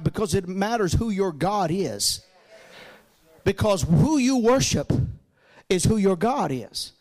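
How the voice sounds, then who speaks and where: A man preaching a sermon as pastor, swinging from shouted emphasis down to low, quiet lines while quoting scripture. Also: lively intonation, a little slow.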